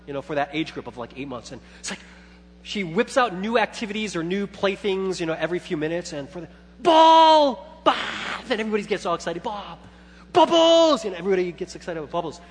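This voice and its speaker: A man in his thirties preaching a sermon as pastor, telling a story with lively swings from quiet reflection to loud, excited retelling of his own thoughts. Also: fairly high pitch, fast talker. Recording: long church hall reverb with faint hum.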